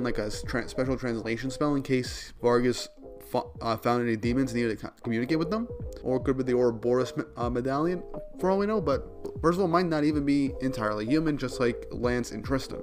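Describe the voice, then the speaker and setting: Here's a man running through a comic chapter in a loose, chatty way, full of "like" and quick laughs. His voice sits at a middling pitch. Faint music plays underneath. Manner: chatty, many "like" fillers, laughs often. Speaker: manga reviewer. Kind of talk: casual chapter recap and commentary.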